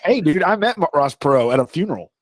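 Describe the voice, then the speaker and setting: Playful, lively man. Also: on the high side, fast, no room sound. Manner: jokey, laughs often, playful. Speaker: podcast co-host. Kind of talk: casual chat.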